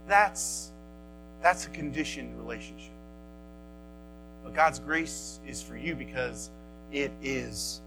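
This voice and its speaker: A man preaching a sermon and leading a prayer, earnest, swinging from soft, low phrases to loud, high emphasis. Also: slow, pauses often, soft background music, low-quality recording. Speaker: pastor.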